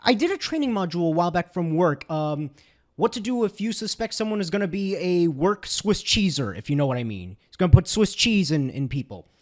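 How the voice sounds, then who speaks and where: Sarcastic ranting man, high voice. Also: lively intonation, fairly quick, darkish tone. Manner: sarcastic, ranting, mimics others in quotes. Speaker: commentary video host. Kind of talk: casual spoken commentary.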